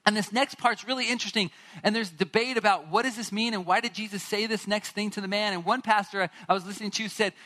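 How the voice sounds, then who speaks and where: A man preaching a sermon, retelling a Bible story with animated asides and acted-out lines from its characters. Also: sits high, fast talker. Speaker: pastor.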